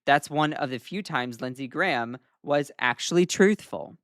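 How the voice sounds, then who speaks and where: A man's voice: a little high, moderate pace, a bit bright, no echo, studio quality. A man with a Southern US accent hosting a casual livestream news commentary, talking in a loose way full of "um" fillers and wry asides. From Southern United States. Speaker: host.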